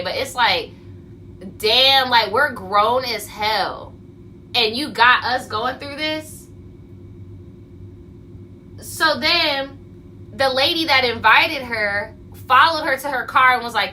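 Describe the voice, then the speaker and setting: A woman's voice: high-pitched, expressive, measured pace, bright, forceful tone, slight background noise, rough recording. A young woman ranting on a livestream, telling a story in blunt, profane words and acting out the quotes. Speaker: vlogger. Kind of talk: casual livestream rant.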